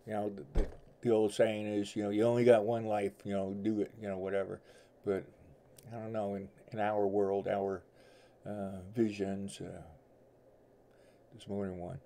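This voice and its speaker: A man's voice: lowish voice, little pitch movement, moderate pace, warm tone, slight background noise. A middle-aged man with a blend of New York and Southern accent, chatting casually and rambling folksily as host of a tarot livestream from home. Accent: mix of New York and Southern US. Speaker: tarot reader and stream host. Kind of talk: casual livestream chat with viewers.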